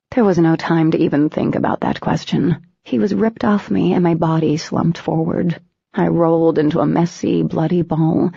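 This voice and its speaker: A woman narrates a novel in the first person, with dramatic, tense storytelling. Her low, dark voice is husky and full of vocal fry. The recording is dry, close and dull. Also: no room sound. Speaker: audiobook narrator.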